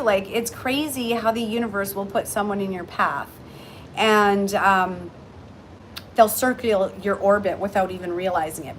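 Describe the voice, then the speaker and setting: Middle-aged Canadian woman, rambling heartfelt livestream host, mid-pitched voice. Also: fairly bright tone, a little hiss or hum, low-quality recording. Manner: chatty and heartfelt, many ums and restarts. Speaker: intuitive reader and shop owner. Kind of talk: casual livestream chat. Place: aboard a cruise ship. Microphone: phone livestream.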